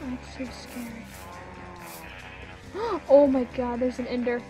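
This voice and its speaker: A woman with a high voice talks through a let's play, jumpy and easily startled. She gasps and chats aloud to the creatures in her game. Faint game music runs underneath. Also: little pitch movement, brisk. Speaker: gamer.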